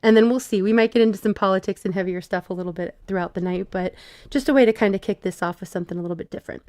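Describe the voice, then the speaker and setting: A woman's voice: mid-range voice, racing, no echo, studio quality. Woman hosting a casual livestream. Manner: warm thanks, many ums and restarts. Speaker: livestream host. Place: home stream setup.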